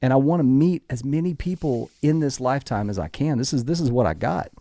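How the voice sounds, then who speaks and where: Man, musician guest, lively storyteller who voices the people in his tales; mid-range voice, close and dry. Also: medium pitch, fairly quick, dry recording. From Texas. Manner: animated storyteller who acts out dialogue. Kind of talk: casual storytelling interview.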